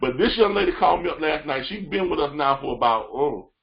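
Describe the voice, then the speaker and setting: Man, fairly high voice, motivational trainer, repeats himself, dull lo-fi call sound. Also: fast, gravelly. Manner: repetitive, coaching, animated retelling. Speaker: freight broker trainer.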